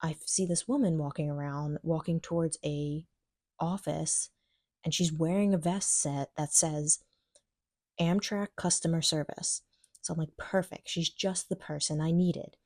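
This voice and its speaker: A woman's voice: low-pitched, fairly even intonation, measured pace, darkish tone, no room sound, studio quality. A young woman telling a personal story in a casual vlog, chatty and full of "like" fillers, acting out her own thoughts. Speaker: vlogger.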